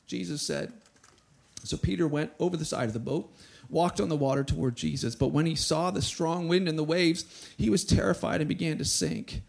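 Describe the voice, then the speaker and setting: A man preaching a sermon to a church, reading scripture and acting out quotes with a rising, animated voice. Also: a little high, fairly quick, creaky, breathy edge. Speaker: pastor.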